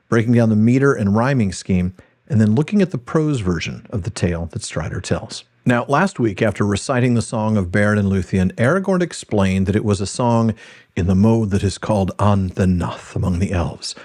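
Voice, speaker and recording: A man with a low, husky voice walks through poems as a podcast host. He explains in a measured, lecturing way and reads passages aloud. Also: a little mellow. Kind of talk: podcast lecture and book reading.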